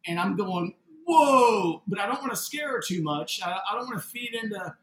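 A man telling a story in a casual interview, animated and acting out the voices of the people in it. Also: high voice, fairly quick, reverberant, a little hiss or hum, poor audio. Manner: animated, acts out quoted dialogue. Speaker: interview guest, building owner.

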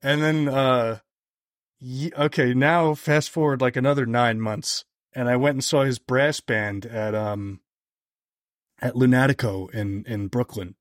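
A man's voice: unhurried, no echo. Chatty man telling a story, dry mic. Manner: animated, heavy on "like" fillers, jumps higher when quoting others. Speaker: podcast guest. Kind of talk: casual storytelling chat.

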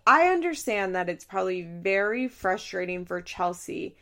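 A woman's voice: medium pitch, big pitch swings, moderate pace, vocal fry, bright, forceful tone. A young woman giving heated, exasperated casual commentary, full of "like" fillers and swearing. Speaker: reality TV commentator.

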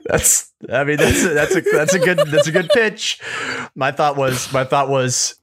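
A young man co-hosting a comedy podcast, pitching a prank as a lively story and acting out the other people's lines. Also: measured pace. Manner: animated storytelling with acted-out quotes, lots of laughter. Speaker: podcast co-host. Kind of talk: casual comedic chat.

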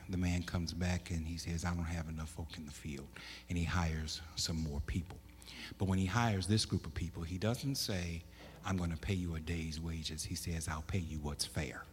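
A man preaching a sermon, with loud emphatic bursts, stammered restarts and questions to the congregation. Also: sits low. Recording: echoey hall.

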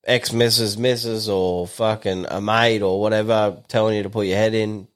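A man's voice: lowish voice, fairly even intonation, moderate pace. An Australian man co-hosting a podcast, rambling and grumbling with plenty of swearing. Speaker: podcast co-host. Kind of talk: casual chat.

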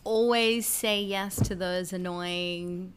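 A woman's voice: fairly low pitch, steady tone, takes it slowly, clear, resonant tone. A woman hosting a casual chat, playful and teasing toward her guest.

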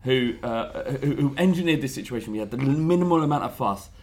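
A man's voice: mid-range voice, lively intonation, brisk. A man in a casual football podcast, blunt and sweary, ranting about a player he resents.

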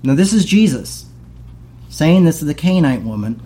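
A man's voice: a little high, sing-song, moderate pace, warm tone. A man preaching a casual, conversational sermon as pastor, acting out the voices of the people he quotes.

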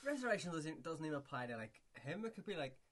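Fast-talking bright man on a podcast. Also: fairly high pitch, big pitch swings. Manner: quick, interrupting, profane. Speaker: podcast co-host. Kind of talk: casual film podcast chat.

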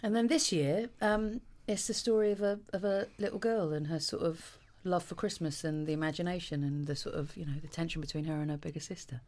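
Lively rambling woman. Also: on the low side, brisk, few pauses. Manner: lively, rambling, self-deprecating, many fillers. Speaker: podcast guest. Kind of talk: casual chat.

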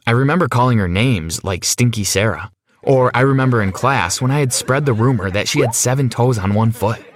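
Husky young man narrating dramatically. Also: medium pitch, a little fast, dry recording. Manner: dramatic, self-questioning. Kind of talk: first-person story narration.

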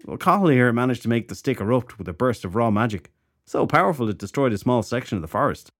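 A man's voice: medium pitch, lively intonation, fast, no room sound, clean studio sound, lightly acted. A man voicing a sardonic fairy detective who talks bluntly and sarcastically. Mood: grave.

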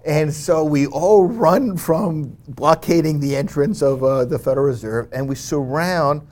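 A man's voice: fairly high pitch, unhurried. A man as an interview guest, telling a story animatedly with many fillers and restarts. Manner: animated, frequent "you know" fillers and restarts. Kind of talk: conversational storytelling.

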